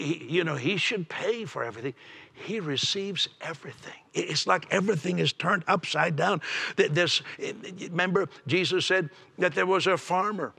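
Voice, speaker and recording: A man's voice: a little high, gravelly, sharp tone, breathy edge. A man preaching a sermon emphatically, with frequent stammered restarts and dramatic drops to a near whisper.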